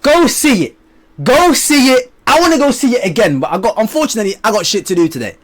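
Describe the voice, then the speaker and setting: A fast-talking young man reviews a movie for his casual vlog, addressing the camera. He's lively and excited, going from loud outbursts to quiet mumbling and swearing freely throughout.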